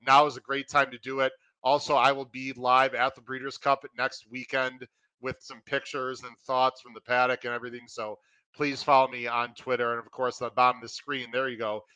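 A man hosting his racing podcast, excitedly welcoming listeners and running through promotions in an energetic, pumped-up way. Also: medium pitch, clear, resonant tone, no echo, poor audio. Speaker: podcast host.

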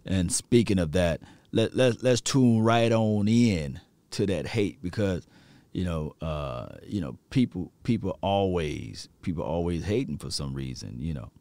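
A man hosting a sports stream, telling slangy, excitable stories and laughing often. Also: sits low, unhurried, no room sound. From rural area. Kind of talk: animated sports talk.

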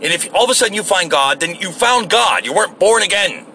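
A man's voice: high voice, fast talker, a little hiss or hum. A middle-aged man giving a blunt, profane rant to camera in a casual vlog, out near his home. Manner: blunt and swearing, animated. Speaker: vlogger.

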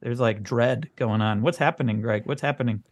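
A man co-hosting a comedy podcast in casual chat, teasing his partner with deadpan questions. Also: medium pitch, normal speed, dry recording. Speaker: podcast co-host.

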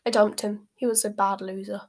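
A woman reading aloud as a sharp, defiant teenage girl with a cool manner. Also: mid-range voice, little pitch movement, brisk, lightly acted. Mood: dismissive. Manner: cool and cutting.

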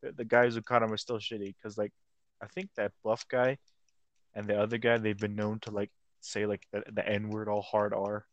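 A man's voice: on the low side, level tone, moderate pace, dry recording, lo-fi sound. A young man co-hosting a casual podcast chat, rambling in slang, stumbling over words and acting out quotes. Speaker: podcast co-host.

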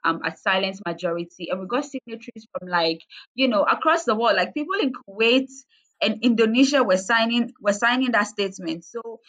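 A woman's voice: on the high side, animated, brisk, a bit bright. A woman from Ghana, a guest activist, talking frankly and passionately in casual conversation, with many fillers.

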